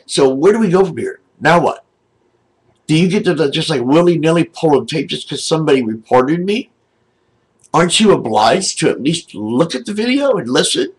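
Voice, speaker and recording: An older man ranting angrily to his camera from home, indignant and aggrieved, with a husky voice. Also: fairly high pitch, poor audio. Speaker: video blogger. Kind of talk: angry webcam rant. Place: home, seated in a wheelchair.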